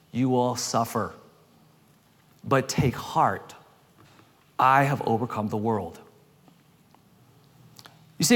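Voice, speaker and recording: A man preaching a sermon as a pastor, rising for emphasis and dropping low and quiet for quoted lines. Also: long reverb tail.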